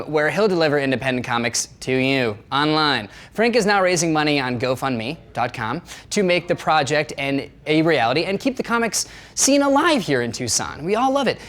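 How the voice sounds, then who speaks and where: A man anchoring a satirical local newscast with wry, deadpan asides. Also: on the high side. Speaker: news anchor. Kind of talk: satirical local news reading.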